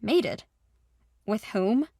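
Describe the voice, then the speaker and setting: A woman's voice: medium pitch, lively intonation, extremely slow, vocal fry, dark tone, dry recording, studio quality, full character voice. A woman voicing a young female shapeshifter, frightened but defiant, in an audio drama. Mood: flustered.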